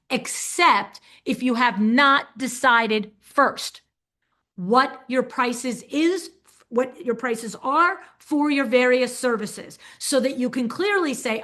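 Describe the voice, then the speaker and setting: An older woman coaches interior designers in a teaching webinar, speaking animatedly and acting out client conversations as she goes. Her voice sits high and her pace is unhurried.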